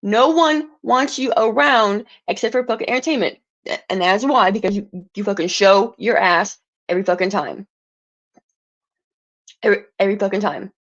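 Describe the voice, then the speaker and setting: A woman's voice: medium pitch, moderate pace, fairly bright tone, dull audio. A woman livestreaming an angry, profane rant, stumbling and restarting words as she gets heated.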